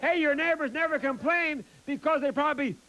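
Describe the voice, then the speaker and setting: A man hosting a combative talk show, mocking letter writers and shouting his opinions. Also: very high-pitched, a little fast, lo-fi sound. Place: TV studio with live audience. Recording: loud cheering studio crowd.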